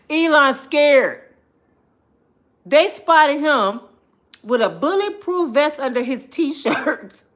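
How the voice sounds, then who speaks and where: A woman vlogger with a high-pitched voice speaks extremely slowly, with long pauses. She tells a comedic storytime in an animated, slangy, joking way, laughing often.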